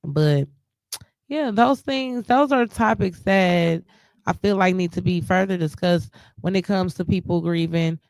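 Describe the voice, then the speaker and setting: A woman's voice: lowish voice, unhurried, darkish tone, no room sound, studio quality. A grieving woman talking casually in a live stream chat, emotional and rambling, often restarting her sentences. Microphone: live stream mic.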